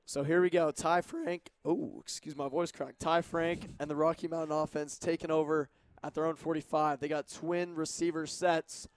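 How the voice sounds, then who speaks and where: A young man calling football play-by-play on college radio, brisk and detailed about formations and yardage. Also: a little high, level tone, no room sound. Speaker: play-by-play announcer. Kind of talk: radio sports commentary.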